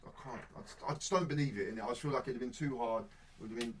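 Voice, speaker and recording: A man's voice: medium pitch, racing. A young man, chatting casually as podcast co-host, slangy and rambling. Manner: slangy, rambling, laughs often. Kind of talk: casual chat. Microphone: faulty mic. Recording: distant mic with faint noise.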